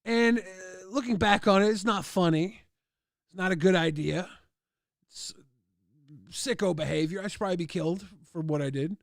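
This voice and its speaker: Male streamer, high gravelly voice, dry close sound, rambling crude storyteller. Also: normal speed, pauses often, no echo. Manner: rambling crude anecdotes with many "like" fillers; acts out others' lines in raised voices. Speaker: livestream host. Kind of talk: casual storytelling.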